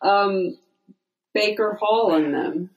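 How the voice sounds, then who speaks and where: A woman's voice: mid-range voice, slow, highs cut off. A woman with a mid-range voice co-hosts a casual podcast. She teases her partner in a dry tone and laughs easily. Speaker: podcast co-host. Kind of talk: casual comedic chat.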